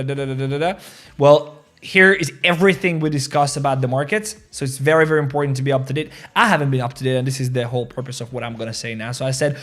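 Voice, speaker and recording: Excitable rambling male crypto host. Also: a little high. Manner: rambling and excitable, reads social media posts aloud with laughs. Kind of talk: casual crypto market commentary.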